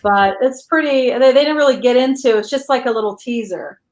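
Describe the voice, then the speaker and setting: A teasing woman co-hosting a casual podcast, her voice pitched fairly high. She chats with a playful, skeptical edge. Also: fairly quick. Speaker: podcast co-host.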